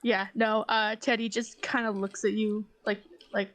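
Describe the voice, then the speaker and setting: A young woman playing a tabletop game, blunt and excitable in casual chat. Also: mid-range voice, unhurried. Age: young adult. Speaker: player.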